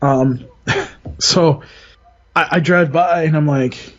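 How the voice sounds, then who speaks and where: A man's voice: on the high side, slow pace. A man co-hosting a podcast, telling stories in a loose, laughing, swearing way. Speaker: podcast co-host. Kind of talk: casual chat. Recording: dull lo-fi sound.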